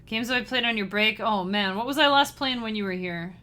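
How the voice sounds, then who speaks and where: Woman, live streamer, bright voice, bubbly, giggly, casual chat with viewers. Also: fairly high pitch, a little fast. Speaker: livestreamer and chiptune musician.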